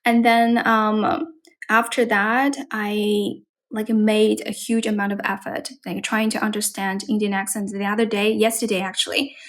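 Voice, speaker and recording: A woman's voice: medium pitch, flat delivery, moderate pace. A young woman whose first language is Chinese, chatting casually while practicing English and filling her talk with "like" and "um". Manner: chatty, many fillers like "like" and "um". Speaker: live-stream host practicing English.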